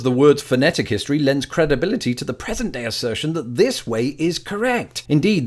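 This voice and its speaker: A British man in his thirties narrates his scripted video in a dry, self-mocking way. His pitch rises and falls freely through each line, and his delivery carries a wry, tongue-in-cheek edge. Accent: British English. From Britain. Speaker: YouTube host.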